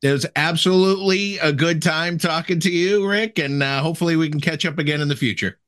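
Male podcast host, slightly high voice, briskly reads the outro plug. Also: a bit bright. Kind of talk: interview sign-off.

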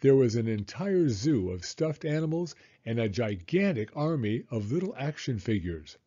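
A man reading a children's picture book aloud with expressive emphasis. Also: mid-range voice, lo-fi sound. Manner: expressive, slow and animated. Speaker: children's storyteller. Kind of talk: read-aloud storybook narration.

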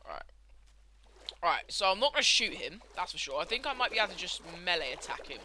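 Young man, sweary gameplay ranter, bouncy, high voice. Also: fast, slight background noise. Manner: swears a lot, ranting, excitable outbursts. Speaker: gameplay commentator. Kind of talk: casual gameplay commentary.

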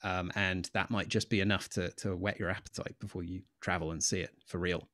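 A man with a deep, steady voice, a little fast, pushed and bright, is an astronomer guest taking questions in a live Q&A. He explains with enthusiasm and tells stories in an explanatory chat, using frequent fillers.

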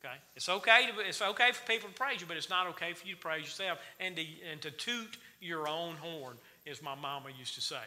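Bright folksy preacher man. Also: on the high side, fairly quick, hardly any pauses. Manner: folksy, quizzes the congregation with questions. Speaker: church teacher. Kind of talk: Wednesday night Bible study sermon. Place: church sanctuary. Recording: reverberant church hall.

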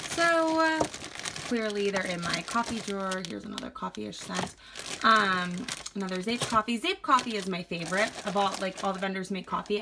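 A woman's voice: mid-range voice, bright, forceful tone, slight background noise. A young woman talking casually in a vlog, rambling and chatty with lots of fillers, a little out of breath. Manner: rambling, chatty, filler-heavy, self-deprecating. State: slightly out of breath. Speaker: wax collection vlogger. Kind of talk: casual chat.

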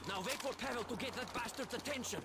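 A Soviet comrade barking orders. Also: male voice, very high-pitched, fast, vocal fry. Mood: commanding. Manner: curt commanding orders. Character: male Soviet army comrade giving battle orders. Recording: war game audio with battle crowd noise.

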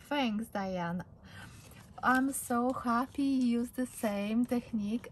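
A woman's voice: mid-range voice, slight background noise. A woman hosting her craft channel, chatting casually and gushing about a handmade card she received. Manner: gushing, repeats "I love". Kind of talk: casual chat opening mail.

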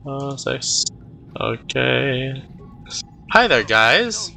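A nineteen-year-old man narrating his gameplay in an unhurried, goofy way. His voice is bright and sits a little high, and faint music plays under it. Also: very animated, creaky. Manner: goofy, talks to himself, cheers and groans. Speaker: let's play gamer. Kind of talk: casual gameplay commentary.

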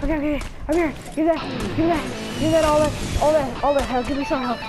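A woman's voice: sits high, fairly even intonation, fast, over loud music. A woman giving frantic live gameplay commentary as a gaming channel host, repeating her pleas again and again. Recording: loud game gunfire under the voice. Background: gunshots and game sound effects.

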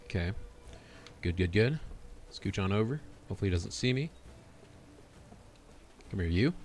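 A man's voice: lowish voice, lively intonation, moderate pace, a little mellow, faint music behind. A man streaming a video game, chatting to himself in a goofy, joking way. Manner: goofy, self-talking, laughs at his own jokes. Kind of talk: casual gameplay commentary.

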